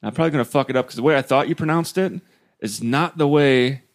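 A male podcast host chatting casually at a middle pitch. He rambles with a lot of profanity and laughs often as he talks. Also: fast. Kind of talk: casual chat.

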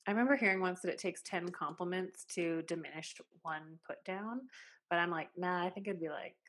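A woman in her late thirties with a fairly low voice, talking casually as a salon owner. She tells stories in a chatty way, peppered with "like"s. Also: fairly quick, a bit bright. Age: 30s. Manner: chatty storytelling, many "like"s. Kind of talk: casual podcast chat.

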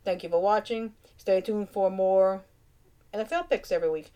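A woman's voice: mid-range voice, fairly even intonation, normal speed, mellow, smooth. A woman with a Cajun accent hosting her own casual vlog, chatting through her picks in a playful, muttering way. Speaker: vlog host.

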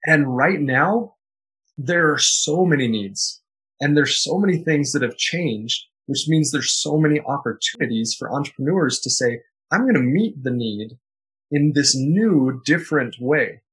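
A man's voice: fairly high pitch, animated, a little slow, a bit bright, husky, rough recording. A man answering podcast interview questions as a guest author, in an earnest, emphatic, motivational way.

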